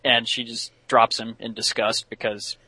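Man, podcast host, chatty recap, bright voice, dry sound. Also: mid-range voice, little pitch movement, measured pace, husky, dry recording. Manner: chatty, many fillers, laughs while telling. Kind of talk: casual episode recap.

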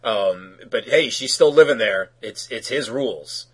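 A man hosting a casual review chat, opinionated and animated, acting out characters' lines as he talks. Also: medium pitch, a little slow, breathy edge.

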